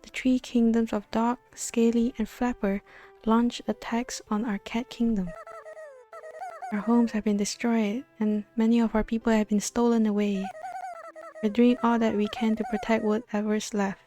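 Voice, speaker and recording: A woman's voice: on the high side, little pitch movement, moderate pace, warm tone, soft background music, close to an everyday voice. Woman reading as a pleading cat queen. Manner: formal, pleading. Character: gracious cat queen, worried mother.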